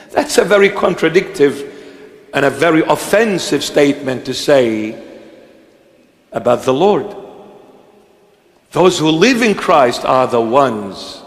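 A man's voice: a little high, very animated, slow, pauses often. A man preaching a sermon in an emphatic, repetitive cadence. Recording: echoey hall with long reverb.

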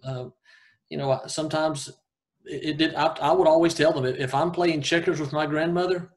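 A man in his fifties with a Southern American accent, a golf coach telling personal stories in an interview, earnest and halting with many restarts. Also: on the high side, steady tone. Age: 50s. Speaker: high school golf coach, guest. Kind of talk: casual interview storytelling.

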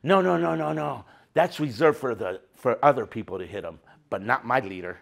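Man playing God: stern, reproachful, voice dropped low and slow. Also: expressive, creaky, fairly bright tone. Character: stern, wounded male God scolding a leader.

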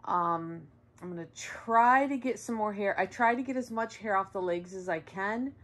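A woman's voice: medium pitch, moderate pace, fairly bright tone. A woman, host of a home vlog, chatting casually while grooming her dog indoors and cooing at it between asides. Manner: chatty and rambling, coos at the dog. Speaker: dog owner and channel host. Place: indoors at home, sunny room by windows. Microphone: camera set up nearby.

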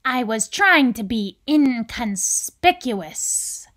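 A woman voicing Anger, a personified male spirit who speaks in a sly, conspiratorial way and turns soft. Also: a little high, very animated, extremely slow, heavily acted. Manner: conspiratorial, later soft and whispery. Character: personified Anger, a male spirit friend, hotheaded then tired.

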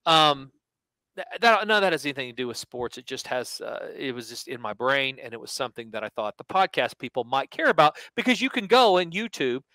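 A man hosting a sports podcast, telling a story in a casual, animated way and acting out quotes. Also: mid-range voice, brisk, no room sound, low-quality recording. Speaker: podcast host and sports handicapper.

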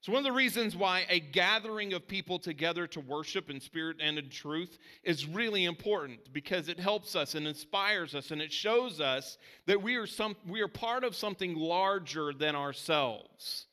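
Male pastor, chatty sermon delivery, slightly high voice, echoing sanctuary. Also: animated, normal speed, bright, forceful tone. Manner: conversational, many fillers and restarts. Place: church sanctuary. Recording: church hall reverb.

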